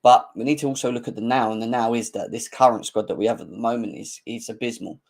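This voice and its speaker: A young man hosting a live football fan stream, bantering and mocking rival fans in slangy, excitable talk. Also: fast, vocal fry. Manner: mocking banter, slangy, laughs often, mimics rival fans in squeaky voices. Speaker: football channel host.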